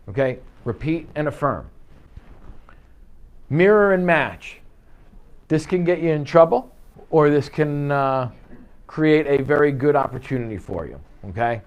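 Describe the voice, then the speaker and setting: A man leading a live sales training session in an office, coaching with energy and acting out quick client exchanges. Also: fairly high pitch, lively intonation. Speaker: real estate sales trainer. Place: office meeting room.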